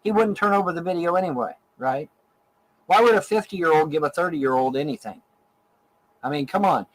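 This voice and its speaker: A man's voice: on the high side, a little fast, rough recording. A middle-aged man from Ohio ranting angrily in a profane, repetitive stream monologue. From Ohio, USA. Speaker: online show host in archived clip.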